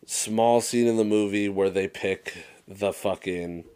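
A young man with a very low voice co-hosts a casual podcast. He tells stories with animated energy, swears freely and slips into quoted movie lines. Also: slow pace, smooth. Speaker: podcast co-host. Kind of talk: casual chat.

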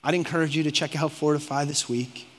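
A male pastor preaching a sermon, moving from calm teaching to fervent exhortation and voicing imagined conversations. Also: on the high side, fast, a little hiss or hum. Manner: preaching with rising intensity, acts out quoted speech. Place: church auditorium. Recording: long reverb of a large hall.

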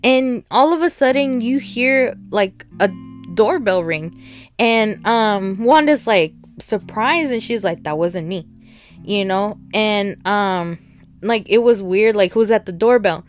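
A woman's voice: medium pitch, lively intonation, slow, soft background music. Chatty woman recapping a TV episode. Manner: chatty and rambling, acts out characters' lines. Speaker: TV show reviewer. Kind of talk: casual recap and review.

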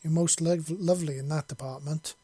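A man's voice: fairly high pitch, steady tone, fairly quick, warm tone, breathy edge, dry recording. A man voicing a nervous young human soldier who speaks in an apologetic, anxious way.

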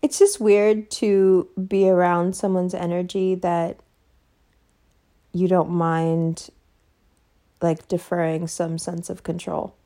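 A woman's voice: fairly low pitch, flat delivery, slow, long pauses, mellow. A woman hosting a podcast in a casual, rambling monologue, blunt and emphatic, swearing heavily. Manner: loose, rambling asides. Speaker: podcast host.

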